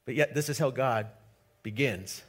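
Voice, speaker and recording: A male pastor reading scripture and preaching, animated and jokey, swinging between loud and hushed delivery. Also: mid-range voice, normal speed, breathy edge.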